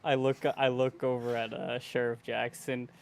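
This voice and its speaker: A man's voice: mid-range voice, flat delivery, normal speed, gravelly, clear, resonant tone. Nervous rambling young man player. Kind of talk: casual tabletop play.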